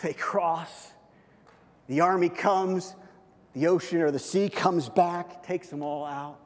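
A man delivers a sermon in a relaxed, storytelling manner, slipping into the voices of the people in his Bible stories. His voice sits a little high for a man. The sound carries a long reverb, as if from a large hall. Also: slow. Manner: lively storytelling, acts out biblical quotes casually. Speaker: pastor.

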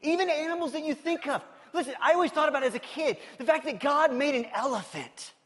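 A male pastor preaching a sermon, animated and playful, telling stories and asking the congregation questions. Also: very high voice, fairly quick. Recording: long reverb of a large hall.

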